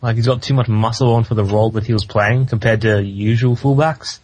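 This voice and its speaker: A man talks football as a podcast guest. He answers loosely and haltingly, with many fillers. His mid-range voice sounds dry, with no room echo. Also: mid-range voice, steady tone, darkish tone, slightly rough. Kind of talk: casual football podcast chat.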